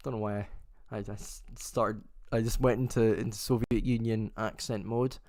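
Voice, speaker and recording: A man's voice: on the low side, fairly even intonation, normal speed, few pauses, darkish tone, dry recording, clean studio sound. A man hosting a race watchalong, giving live chatty commentary and often correcting himself mid-sentence.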